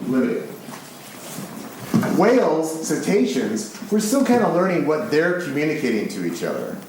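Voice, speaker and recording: A man from the United States, giving a live public lecture in an excitable, animated, casually profane way. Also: a little high, normal speed, a little hiss or hum. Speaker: speaker giving a public talk. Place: large concert hall with an audience. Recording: very echoey live hall recording.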